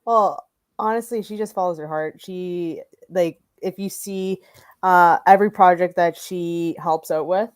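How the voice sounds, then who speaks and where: Low-voiced earnest woman athlete guest, dry close audio. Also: smooth, no room sound. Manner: hesitant, many fillers, earnest. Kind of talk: casual interview talk.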